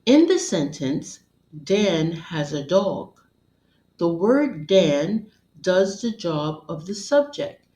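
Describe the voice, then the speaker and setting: A woman narrating a scripted grammar lesson as a teacher, in a measured, deliberate, instructional way. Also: on the low side, big pitch swings, warm tone. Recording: roomy echo.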